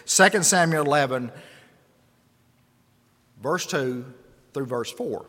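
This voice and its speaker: A man's voice: a little high, expressive, slow pace, fairly bright tone. A man preaching a sermon as a pastor, earnest and rising to emphatic bursts. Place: church sanctuary. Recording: long hall reverb.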